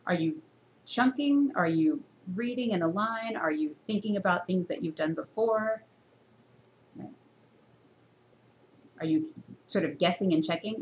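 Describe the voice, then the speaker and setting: Woman lecturing on reading to a camera, teacherly, many rhetorical questions, mid-range voice, pitch leaps for emphasis, faint noise behind. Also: measured pace, long pauses. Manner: expressive jumps in pitch for emphasis. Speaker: university reading instructor. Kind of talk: recorded classroom lecture.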